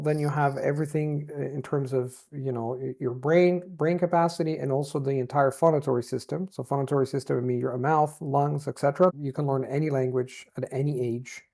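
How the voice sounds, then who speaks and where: Italian guy with an almost american accent, mellow warm voice, animated interview guest. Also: on the high side, gravelly. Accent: Italian-born, near-American English. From Italy. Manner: reflective, animated, demonstrates sounds. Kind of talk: interview conversation.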